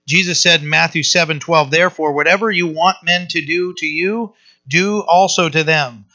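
A male pastor preaching a conversational sermon, often pausing with fillers and restarting his sentences. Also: on the high side, bright, forceful tone, highs cut off.

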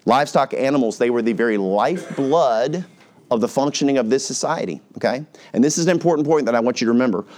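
Male American pastor, casual teaching sermon, lively delivery with quick asides. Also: mid-range voice, slight background noise. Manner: conversational, animated, puts on voices for everyday examples.

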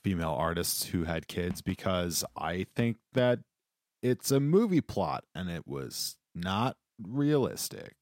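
A man's voice: sits low, sing-song, unhurried, a little mellow, no room sound, clean studio sound. A man co-hosting a casual movie review podcast, wry and jokey. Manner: wry, jokey, slips into silly accents. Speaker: podcast co-host.

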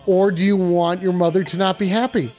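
A man's voice: sits high, flat delivery, brisk, a little mellow, faint music behind, lightly acted. A man playing a crude, stoned, foul-mouthed Santa Claus who rambles and swears as an improv host. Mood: exasperated. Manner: profane, rambling, defensive. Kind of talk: comedic improv livestream.

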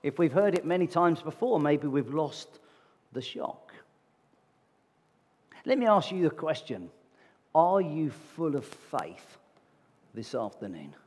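A man delivers a sermon with a husky, slightly raised voice. He talks to the congregation in a conversational way and keeps asking them rhetorical questions. His words ring out with the long reverb of a large hall. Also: fairly high pitch, big pitch swings, measured pace, darkish tone. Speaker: preacher. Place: church meeting hall.

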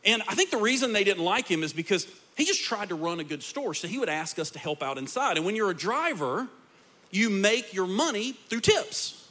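A man preaching to his congregation as their pastor. His voice sits high and rings bright, and he builds each point with rising intensity. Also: sing-song, moderate pace. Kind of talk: sermon.

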